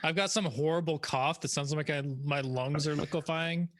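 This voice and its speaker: A man playing a tabletop game, relaxed and joking as he describes what his character does. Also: a little high, moderate pace. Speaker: player. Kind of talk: casual chat during a tabletop game.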